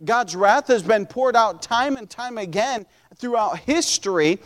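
High-voiced earnest preacher man. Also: lively intonation. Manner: earnest, conversational preaching with many restarts; slows and lifts voice when quoting scripture. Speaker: pastor. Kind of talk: sermon.

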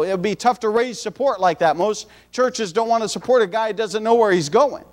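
A man's voice: high-pitched, brisk, few pauses. A man preaching a sermon in a folksy, conversational way, a missionary preacher mixing scripture with homespun everyday asides.

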